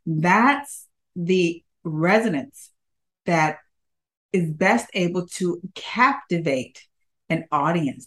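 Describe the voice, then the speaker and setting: Emphatic woman coaching on public speaking. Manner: emphatic, keeps checking in with "okay?"; animated, swings her pitch up and down for emphasis. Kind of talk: coaching talk to an audience.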